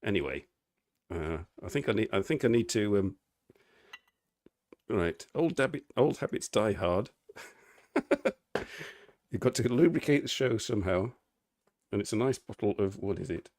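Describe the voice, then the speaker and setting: Rambling man, low voice. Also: animated, a little slow, long pauses, a little mellow, no echo, studio quality. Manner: rambling, chatty, greets viewers, laughs often. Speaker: live stream host. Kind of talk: casual live stream chat. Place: indoors, living room.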